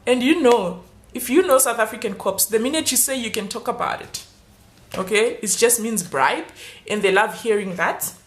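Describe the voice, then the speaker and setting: Young woman vlogger, high voice, lively storyteller who acts out every line. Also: normal speed, echoey room. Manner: animated, acts out the dialogue. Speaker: YouTuber. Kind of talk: storytime vlog.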